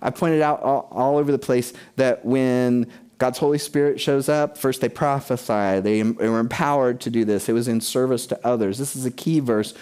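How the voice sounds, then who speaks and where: A man's voice: medium pitch, fairly even intonation, normal speed, a little mellow, smooth. A middle-aged man preaching a sermon with emphasis, asking questions of his congregation. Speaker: pastor.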